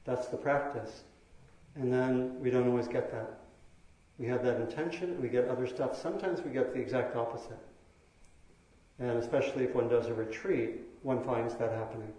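A man teaching meditation in a dharma talk, speaking slowly and thoughtfully with pauses and fillers. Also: medium pitch, mellow. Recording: very echoey hall.

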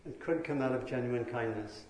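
A man teaching meditation in a dharma talk, speaking slowly and thoughtfully with pauses and fillers. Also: medium pitch, darkish tone. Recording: very echoey hall.

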